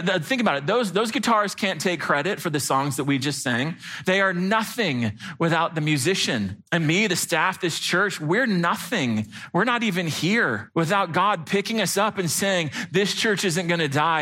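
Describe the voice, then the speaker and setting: A man's voice: sits high, sharp tone. A man preaching a sermon as a pastor in a church, earnest, often repeating words as he begins a phrase. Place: church sanctuary.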